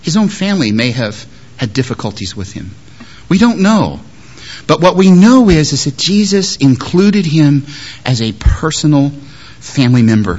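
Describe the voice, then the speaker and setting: A man preaching a sermon as a pastor, moving between strong emphasis and quiet, softly spoken quotes. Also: medium pitch, dull audio. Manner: lively, shifts between loud emphasis and soft quoted words.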